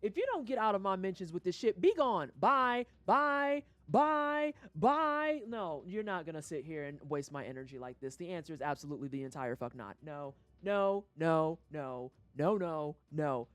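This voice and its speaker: A woman's voice: low voice, brisk, few pauses, no echo. A woman from St. Louis streaming a game, ranting casually with lots of swearing. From St. Louis, USA. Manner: animated, profane, ranting. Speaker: livestreamer. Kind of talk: casual rant on a gaming stream.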